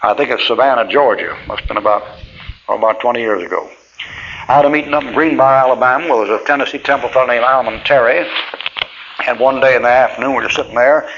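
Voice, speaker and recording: A man's voice: mid-range voice, fast talker. A middle-aged male preacher, telling church stories in a folksy, plainspoken way with frequent chuckles. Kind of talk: folksy sermon storytelling. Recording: dull lo-fi tape with faint hiss.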